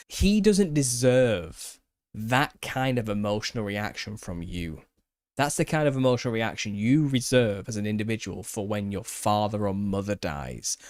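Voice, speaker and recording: A man's voice: on the low side, no room sound. A man in his thirties, a content creator, ranting passionately on camera, often repeating and restarting himself as he gets riled up. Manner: impassioned, repetitive, restarts when riled. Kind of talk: opinionated solo rant.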